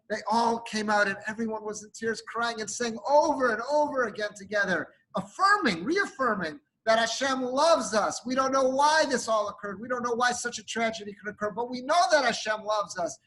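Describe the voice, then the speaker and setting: A rabbi delivers a sermon as a heartfelt story. His voice sits high and sounds bright and forceful. He works Hebrew and Yiddish terms into his English. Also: moderate pace, few pauses, poor audio.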